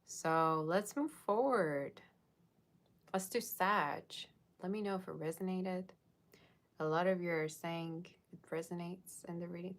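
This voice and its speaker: A tarot reader with a fairly low voice speaks a little slowly. She gives a casual, rambling livestream reading, chatting with viewers and thanking them by name.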